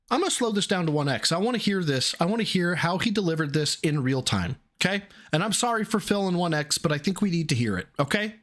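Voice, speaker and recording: A man with a Midwestern American accent reacting to a clip on his live stream, swearing and exasperated, his voice jumping high. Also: lively intonation, fast talker, few pauses, fairly bright tone. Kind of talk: casual live-stream commentary.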